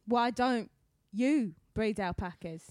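A woman plays an earnest, scatterbrained lady animal behaviourist with a British accent, her voice set a touch high and smooth. She rambles along with odd confidence. The sound is dry and close. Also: takes it slowly, darkish tone, no echo. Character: dotty female alpaca farmer and animal behaviourist. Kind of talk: improvised comedy character.

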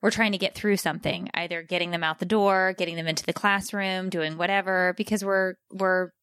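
A woman with a fairly low voice co-hosts a casual podcast. She answers in a supportive, reassuring manner, and the recording is dry and close. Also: fairly even intonation, brisk, fairly bright tone, clean tone, no room sound. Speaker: podcast co-host. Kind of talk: casual chat.

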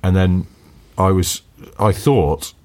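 A middle-aged man, co-hosting a podcast and telling stories in an animated, chuckling way. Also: slow pace. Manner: animated storyteller, chuckling, pitch jumping up when excited. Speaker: podcast co-host. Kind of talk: casual chat.

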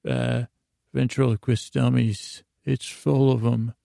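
A wisecracking ventriloquist dummy with attitude, chatty and breezy, in a story told aloud, as a man puts him on. The voice is gravelly and dark, with a fairly flat pitch. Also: slow, no room sound, studio quality. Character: sassy wisecracking male ventriloquist dummy, upbeat.

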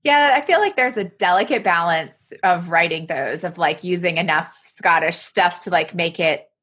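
A woman's voice: fairly low pitch, normal speed, a bit bright. A woman co-hosting a podcast, musing in a rambling casual chat. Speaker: podcast co-host.

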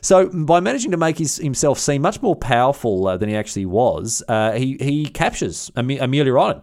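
Fast-talking man telling history. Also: medium pitch, very animated, darkish tone. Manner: chatty, irreverent, with frequent restarts and slang. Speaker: history podcast host. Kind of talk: casual history storytelling.

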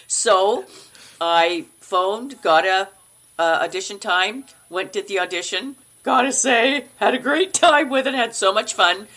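A middle-aged woman, a guest actor in a casual interview, telling a personal story and acting out the voices of the people in it. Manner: animated, acts out quoted voices with big pitch jumps.

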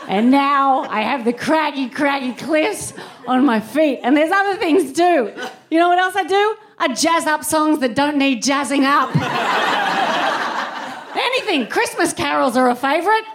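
A woman's voice: sits high, lively intonation, moderate pace, a crowd in the background. A woman in her thirties performing a live stand-up routine, telling comic stories and breaking into bursts of scat singing. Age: 30s. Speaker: comedian.

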